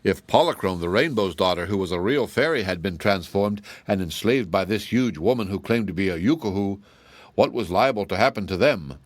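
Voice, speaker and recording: A man narrating a classic children's fantasy audiobook in a measured storytelling manner. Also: low-pitched, animated, dry recording. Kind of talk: scripted narration.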